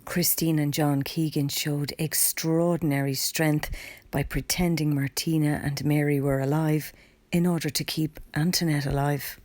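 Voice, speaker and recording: A woman narrating a documentary in a measured, sober scripted read. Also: low voice, little pitch movement, darkish tone, no echo.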